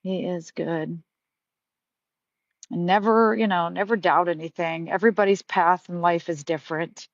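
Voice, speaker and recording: A woman's voice: fairly low pitch, fairly even intonation, a little fast, few pauses, dry recording. Woman, middle-aged, casual live-stream storyteller, chatty and heartfelt, dry muffled audio. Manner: chatty, rambling, heartfelt, many fillers. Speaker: livestream host.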